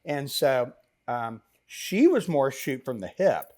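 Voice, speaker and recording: A middle-aged man, a business founder, telling stories as a podcast guest in a rambling, animated way with many fillers and asides. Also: mid-range voice, slow. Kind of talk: casual interview storytelling.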